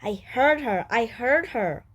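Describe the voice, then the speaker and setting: A woman's voice: fairly high pitch, expressive, slow pace, slightly rough, muffled recording, pitched above the performer's own voice, heavily acted. Woman reading as a fussy old cat great-grandpa. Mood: irritated. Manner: reading a talking-cat dialogue aloud in a lightly lifted voice. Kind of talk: children's book read aloud.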